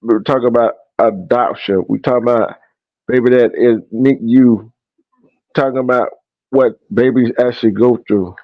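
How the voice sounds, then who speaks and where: A man hosting a live stream, speaking haltingly with many pauses and fillers. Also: mid-range voice, fairly even intonation, no room sound, dull audio. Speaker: host. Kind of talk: casual live-stream talk.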